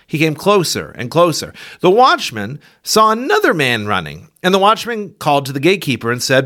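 Guy reading the bible aloud, kinda high voice, really lively delivery. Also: brisk. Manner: expressive reading, raises pitch for quoted speech. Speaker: Bible reader. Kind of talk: scripture reading.

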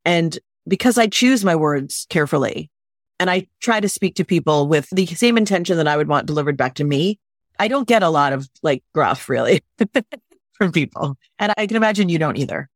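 A woman's voice: low voice, brisk, no echo, clean studio sound. A woman wedding planner talking emphatically in a casual podcast interview, often acting out little quotes. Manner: emphatic, animated, acts out quotes. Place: lives in Los Angeles.

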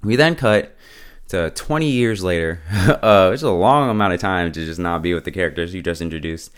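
Low, smooth-voiced laid-back man. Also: fairly quick. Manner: slangy, laid-back, chuckling often. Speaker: show host. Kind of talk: casual episode recap.

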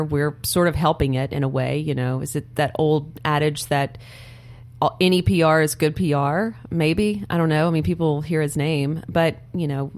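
A woman's voice: deep voice, darkish tone. A woman co-hosting a political podcast in a studio, speaking earnestly and laughing between points. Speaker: podcast co-host.

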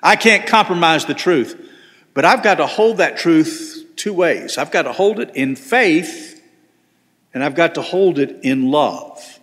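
A man's voice: fairly high pitch, animated, measured pace, a bit bright. A middle-aged man, preaching a sermon as pastor, earnest and emphatic with frequent restarts. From Southern United States. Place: large church sanctuary. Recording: long church hall reverb.

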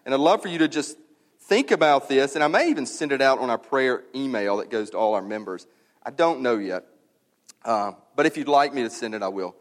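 A pastor speaks to his church in a candid, conversational way, full of fillers and asides. His voice carries a long reverb from a large hall. He slows down when he reads a passage aloud. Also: mid-range voice, expressive. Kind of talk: sermon announcement, conversational.

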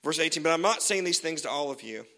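Male pastor, fairly high and bright voice, casual joking sermon, long church reverb. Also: animated, fast talker. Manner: casual and joking, many fillers.

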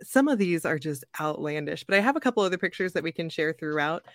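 A young adult woman hosting a podcast, telling a story in a lively, joking way and laughing often. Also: low-pitched, fast, no echo, clean studio sound. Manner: animated, jokey, laughs often. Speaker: podcast host. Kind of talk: casual storytelling chat.

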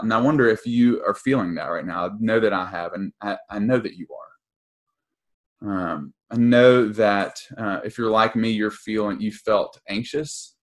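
A man's voice: lowish voice, normal speed. A young man preaching a conversational sermon as pastor, casual and earnest, with frequent ums and restarts.

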